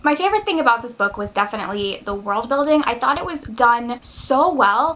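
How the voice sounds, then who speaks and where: Bright-voiced young woman chatting about books. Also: on the high side. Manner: chatty, with frequent "like" fillers. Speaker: book vlogger. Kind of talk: casual book review vlog.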